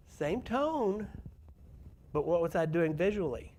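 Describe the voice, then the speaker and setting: A man with a fairly high voice delivers a sermon in a church. He talks in a conversational way and often turns to the congregation with questions. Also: very animated, slow, pauses often, a little mellow, a little hiss or hum. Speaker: preacher. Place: church sanctuary.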